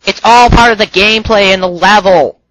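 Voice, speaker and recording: Exasperated lecturing man, bright voice. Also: sits high, fairly quick, no echo, rough recording. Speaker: commentator rebutting a review. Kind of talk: rebuttal commentary.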